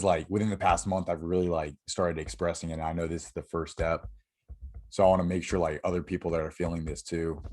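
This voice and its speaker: A young man with a notably deep, low voice talks as an interview guest. He tells a personal story in a candid, halting way, stopping and restarting and leaning on fillers. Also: darkish tone. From Florida. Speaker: podcast guest.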